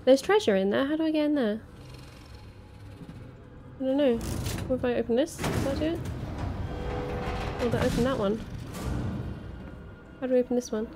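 A woman's voice: sits high, moderate pace, long pauses, over music. A woman playing a horror game while commenting casually, jittery and swearing, repeating herself when scared. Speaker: let's play gamer.

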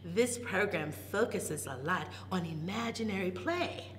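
A woman librarian leads toddler storytime, her voice swooping up and down in a lively sing-song with delighted gasps and hushed asides. She talks at an unhurried pace. The recording has a long reverb tail and a faint low rumble behind it. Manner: slow, animated, sing-song, with delighted gasps and soft whispers. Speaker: children's librarian. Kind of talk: toddler storytime with rhymes and songs.

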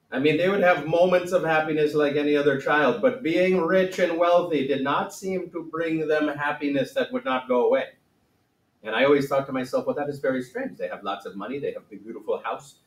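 A man's voice: a little high, roomy sound, distant mic, lightly acted, poor audio. A male teacher playing a jokey wise sage in comic classroom role-play, with a wobbly put-on accent and theatrical delivery. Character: man playing the Buddha as a mock-solemn sage.

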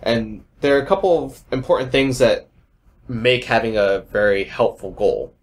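A man's voice: mid-range voice, normal speed. Chatty young man hosting a podcast. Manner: chatty, joking, wanders off on tangents. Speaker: podcast host. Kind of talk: casual chat.

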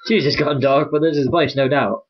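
A man's voice: mid-range voice, brisk, slightly rough. A young man co-hosting a let's play, reading game dialogue aloud and joking dryly, over a muffled home mic. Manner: jokey, reads game text in a dry voice.

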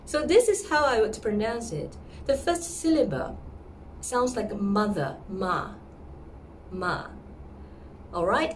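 A woman teaching pronunciation in a lesson, sounding out words slowly and repeating them with care. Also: fairly high pitch, a little mellow, recorded from a distance, a little hiss or hum. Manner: slow, careful, repeats words. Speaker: music teacher.

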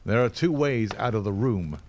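A man voicing a sturdy, hot-tempered old farmer who protects his daughter, gruff and sardonic. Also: on the low side, lively intonation, normal speed, slight background noise, close to an everyday voice. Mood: angry.

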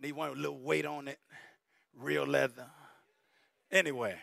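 A middle-aged man preaching a sermon in a church, animated and storytelling, rising at times to shouting. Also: mid-range voice, normal speed, vocal fry, no room sound, studio quality. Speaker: bishop preaching. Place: church sanctuary.

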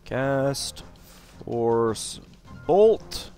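A man's voice: medium pitch, expressive, drawn-out words, mellow, faint music behind. A man hosting a let's play, thinking aloud and joking at his own expense as he plays through a game. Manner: chatty, thinking aloud, self-deprecating. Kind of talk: casual gameplay commentary.

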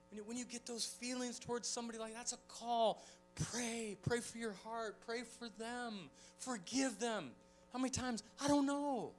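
A middle-aged man preaching a sermon as a pastor, telling stories with animated delivery and acting out quoted voices. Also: very high voice. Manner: animated storytelling, acts out quoted voices, chuckles often.

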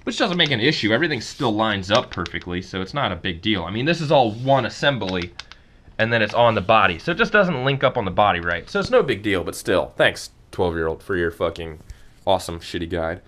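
A man's voice: mid-range voice, big pitch swings, a little fast, fairly bright tone. A young man venting angrily and profanely about broken gear in a casual, rambling vlog. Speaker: vlogger.

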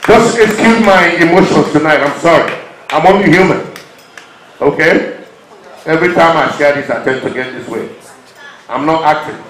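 A man's voice: on the high side, moderate pace, long pauses, roomy sound, some chatter behind, slight background noise, rough recording. Impassioned Nigerian man on a stage. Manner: impassioned, swings from loud urging to quiet, choked-up. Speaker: performer speaking to an audience. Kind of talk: emotional testimony on stage.

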